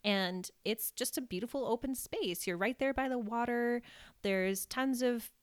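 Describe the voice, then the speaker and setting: A woman's voice: a little high, measured pace, clear, resonant tone, no echo, studio quality. A young woman co-hosting a podcast, telling family stories in casual chat and laughing often. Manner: chatty, laughs often, animated retelling. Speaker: podcast co-host.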